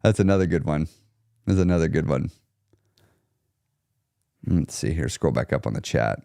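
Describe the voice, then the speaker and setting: A man coaching on weight loss during a live chat stream, blunt and emphatic, repeating his key points, and going quieter when he talks about himself. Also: a bass voice, expressive, moderate pace, creaky, no room sound, studio quality.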